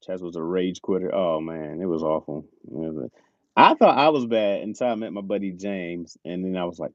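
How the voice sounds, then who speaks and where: Low, mellow-voiced guy, laid-back stream host, swears a lot, dry lo-fi mic. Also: expressive, a little fast, no echo. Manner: laid-back, swears, says "bro" and "man". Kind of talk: casual chat.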